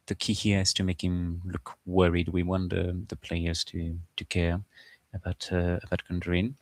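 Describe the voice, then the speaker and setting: A man as game master, talking through his game prep in a halting, informal, think-aloud way. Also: low voice, flat delivery, no room sound. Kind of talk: casual game prep screen-share.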